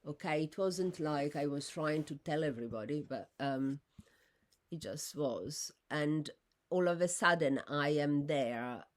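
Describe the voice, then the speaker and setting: A woman talking unscripted about her own life, rambling with fillers and restarts, her voice jumping high when she is indignant. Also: unhurried. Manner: rises sharply in pitch when indignant. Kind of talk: unscripted personal monologue.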